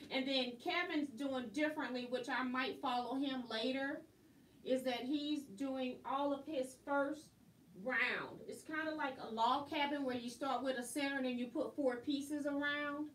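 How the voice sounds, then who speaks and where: Woman, high voice, chatty quilting teacher, roomy room, distant mic. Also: steady tone, unhurried, slight background noise. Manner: chatty, laughs often. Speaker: quilting instructor and host. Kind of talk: casual live-stream tutorial.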